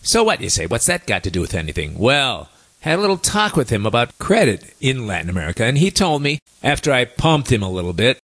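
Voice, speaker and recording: A chatty male host spins a long anecdote in a casual monologue and drops wry asides along the way. His voice sits at an ordinary middle pitch but swoops up and down a lot as he talks. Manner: chatty, wry asides, lively rising and falling delivery.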